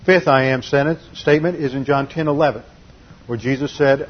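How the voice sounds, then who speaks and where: A man's voice: medium pitch, fairly quick, slightly rough, highs cut off. A man preaching a sermon, teaching carefully and explaining the meanings of Greek and Hebrew words.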